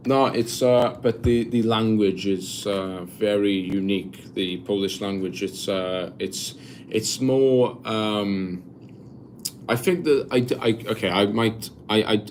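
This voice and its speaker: A man streaming from abroad, casually reading chat messages and answering in a halting way with many restarts. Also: on the low side, a little mellow, a little hiss or hum. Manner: halting, many restarts while searching for words. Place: abroad in Poland.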